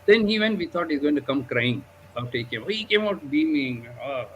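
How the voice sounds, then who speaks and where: A man's voice: fairly high pitch, expressive, a little fast, highs cut off, a little hiss or hum. A man, a diabetes doctor, telling a story animatedly in a live discussion, often adding 'okay?' and 'you know'.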